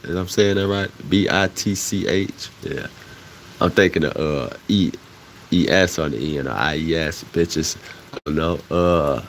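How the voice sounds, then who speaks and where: A man's voice: low-pitched, measured pace, a little hiss or hum. A man from Chicago with a Chicago accent, talking loosely on a casual livestream and getting heated and emphatic as he goes. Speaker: livestream host.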